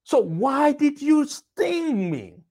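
Guy doing a scared frog, pleading, slow and jumps up high when shocked. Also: sing-song, darkish tone, full character voice. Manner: pleading, alarmed questions. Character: frightened, trusting male frog.

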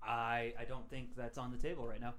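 A man co-hosting a casual podcast, cracking deadpan mock-expert jokes. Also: medium pitch, brisk. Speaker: podcast co-host. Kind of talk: casual chat.

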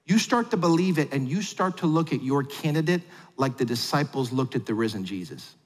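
A man preaching a sermon, telling a family story with jokes and big swings between quiet and loud. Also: fairly quick. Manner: animated storyteller with big swings in pitch and loudness; humorous asides. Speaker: pastor. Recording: long hall reverb.

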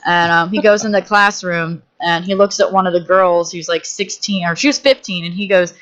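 A woman who directs films, a guest telling stories on a podcast in a lively way, acting out the people she quotes and using many fillers. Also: fairly low pitch, moderate pace, lo-fi sound. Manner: animated, acts out quoted voices, many fillers. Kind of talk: casual storytelling.

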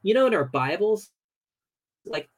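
A young man, a guest on a podcast, telling a story in a casual, animated way with lots of fillers. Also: high voice, measured pace, breathy edge, low-quality recording.

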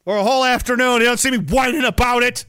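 A man's voice: very high-pitched, steady tone, fast, a bit bright, clean tone, dry recording, studio quality. A man hosting a livestream, ranting sarcastically and profanely while reading viewer comments aloud. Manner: profane, sarcastic, acts out mocking voices. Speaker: livestream host.

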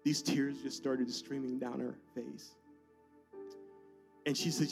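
A male pastor telling a personal story in a church sermon, swinging emotionally between soft asides and loud declarations. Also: on the high side, steady tone, moderate pace, music in the background.

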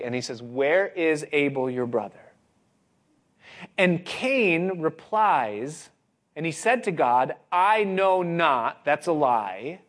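Man preaching an expressive sermon. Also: a little high. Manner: expressive, dramatic pauses and rising emphasis.

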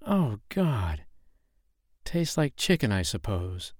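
A man's voice: lowish voice, big pitch swings, takes it slowly, no room sound, clean studio sound, exaggerated voice. A man voicing a jumpy, squeamish young woman who keeps protesting in exasperation. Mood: exasperated.

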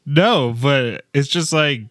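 A man's voice: fairly high pitch, slow pace, fairly bright tone, no echo, studio quality. A man co-hosting a casual Bible study podcast, chatty, jumping in with asides and fun facts. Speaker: podcast co-host.

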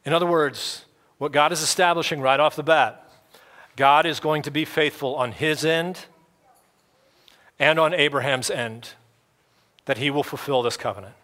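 Bright-voiced casual male preacher. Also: on the high side, normal speed, pauses often. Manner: casual, conversational preaching with playful quoted voices. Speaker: pastor. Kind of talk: sermon. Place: church.

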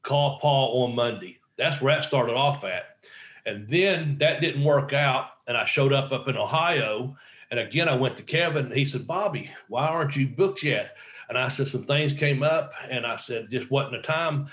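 A man's voice: mid-range voice, normal speed, a bit bright. A middle-aged man, a guest in an interview, telling a rambling story with swearing and quoted dialogue. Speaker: guest, wrestler. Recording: roomy echo.

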